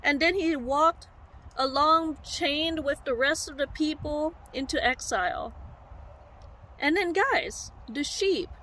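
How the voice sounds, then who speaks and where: A woman preacher telling a story in a sermon, animated and heartfelt, speaking straight to her listeners. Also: sits high, takes it slowly, a little hiss or hum.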